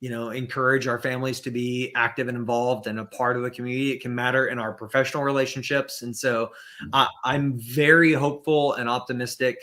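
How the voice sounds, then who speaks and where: A man's voice: mid-range voice, little pitch movement, fairly quick, bright, forceful tone. A man as a podcast guest in casual conversation, thinking aloud with many fillers and restarts, over a video call.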